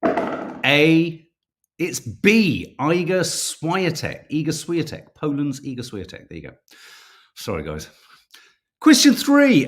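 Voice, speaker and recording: A man from the United Kingdom hosting a casual live-stream quiz for viewers, chatty and self-mocking, stumbling over names as he reads. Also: fairly high pitch. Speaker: podcast co-host running a viewer quiz.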